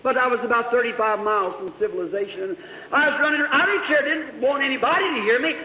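Fervent preacher, echoey old hall recording. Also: male voice, very high-pitched, brisk, highs cut off, a crowd in the background. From Indiana. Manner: fervent storytelling, swings from hushed to shouting. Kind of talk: sermon.

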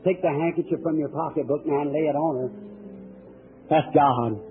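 A man's voice: a little high, moderate pace, music in the background. A male evangelist preaching at a healing service, fervent and emphatic, calling out to people in the audience. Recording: tinny old lo-fi recording with faint hiss.

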